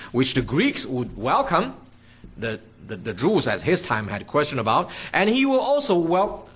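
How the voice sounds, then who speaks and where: A man's voice: medium pitch, husky. A man preaching a teaching sermon, often checking in with "okay?" and "right?" and restarting his words as he explains. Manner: restarts and fillers, lively explaining.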